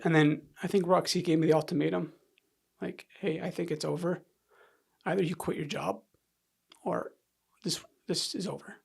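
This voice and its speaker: A man's voice: on the high side, vocal fry, husky. A man in his thirties, a podcast guest, telling a painful personal story candidly and emotionally, repeating words and sniffing as he talks. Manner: candid, halting, repeats words when upset.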